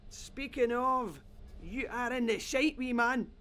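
An actor playing a foul-mouthed, grumbling Scottish oil rig worker in a video game. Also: male voice, extremely high pitch, slow pace, pushed and bright, full character voice. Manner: swears and grumbles.

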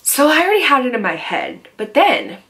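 A young woman recounts a story straight to the camera in a casual, animated way. She swears freely and leaps into quoted voices as she talks. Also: high-pitched, brisk. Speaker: vlogger telling a story.

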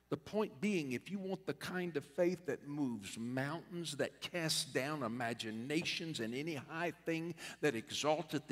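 A man preaching a sermon as a bishop, in a church sanctuary, with a preaching cadence that rises to loud repeated refrains. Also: mid-range voice, vocal fry. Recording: long reverb of a church hall.

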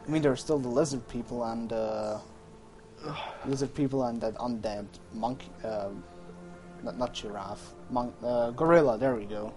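A man's voice: mid-range voice, fairly even intonation, normal speed, a little mellow, soft background music. A man streaming a game, chatting casually, rambling and often correcting himself. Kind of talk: casual gaming livestream chat.

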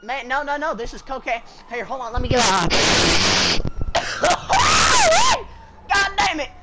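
A woman's voice: high-pitched, animated, quick pace, background noise. Rowdy, profane woman gamer on voice chat. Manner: loud, goofy and profane, drawling y'all and feller. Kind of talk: rowdy party chat while gaming.

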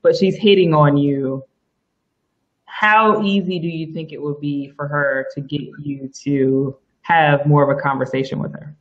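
A woman's voice: low voice, fairly even intonation, a little slow. A woman co-host teases the guests with probing questions about being picked up. Her voice comes through dull and lo-fi. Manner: teasing and probing. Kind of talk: casual panel chat.

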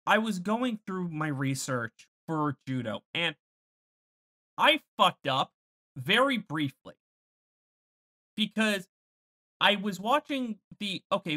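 Podcast co-host, woman, lowish but lively, emphatic. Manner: emphatic, swears a lot. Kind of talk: casual chat.

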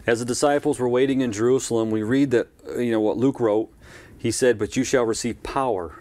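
A man's voice: mid-range voice, fairly even intonation, a little fast, mellow, no room sound. A man preaching a live-streamed church sermon in a conversational way, with asides and repeated phrases.

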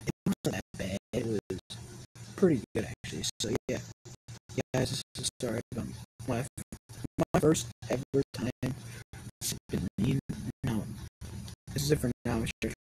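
A man's voice: mid-range voice, normal speed, pauses often, heavy background noise. Rambling young man telling a story. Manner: rambling, heavy swearing and filler words. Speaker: vlogger. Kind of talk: casual storytime monologue.

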